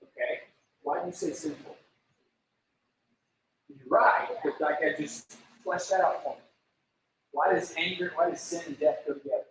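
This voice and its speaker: High-voiced man preaching in an echoey room. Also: fairly even intonation, normal speed, pauses often, a bit bright, recorded from a distance, a little hiss or hum. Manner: conversational, lots of "like", acts out prayers in voices. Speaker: youth pastor. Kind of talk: casual youth sermon with questions to the room.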